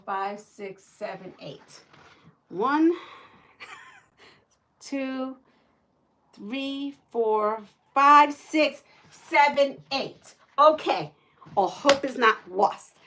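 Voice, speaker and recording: A woman chatting live to her viewers in a high, bright voice. She talks at an easy, unhurried pace, counting things out loud and laughing readily. Now and then she breaks into short Spanish exclamations. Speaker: livestream host. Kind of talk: casual livestream chat.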